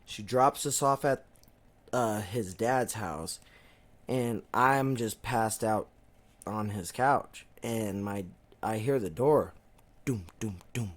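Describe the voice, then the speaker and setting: A man's voice: fairly low pitch, slow. A young man co-hosting a casual podcast, telling a long story in a rambling way, swearing often and acting out what people said. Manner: rambling storyteller, swears a lot, acts out quotes. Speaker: podcast co-host. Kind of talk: casual chat.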